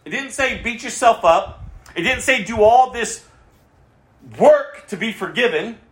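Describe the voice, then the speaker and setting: A man preaching a sermon emphatically, with rhetorical questions and swings between loud and hushed. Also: very high-pitched, lively intonation, unhurried, reverberant. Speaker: pastor.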